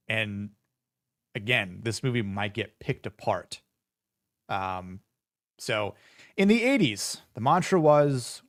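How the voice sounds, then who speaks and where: Low-ish guy in his 40s hosting a live show, rambly, lots of ums, sarcastic asides, dry mic. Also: no echo. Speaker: podcast host. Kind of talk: casual live-stream commentary.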